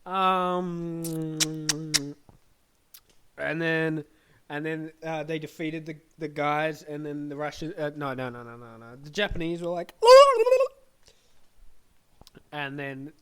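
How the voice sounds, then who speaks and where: A man's voice: a little high, fairly even intonation, a little slow, a bit bright, clear, resonant tone, low-quality recording. A young man giving a goofy, scatterbrained comedic monologue into a desk microphone, acting out silly voices. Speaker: comedic history narrator.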